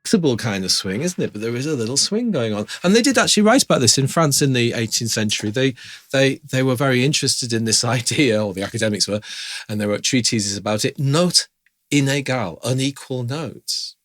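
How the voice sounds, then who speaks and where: In a mid-range, fairly bright voice, a little fast and animated, a man gives a casual piano lesson. He chats freely and keeps stopping to scat-sing the rhythms he's describing.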